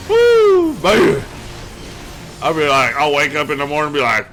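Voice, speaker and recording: A man streaming a game live, chatting casually in a loud, profane, joking way. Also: fairly high pitch. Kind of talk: casual livestream chat while gaming.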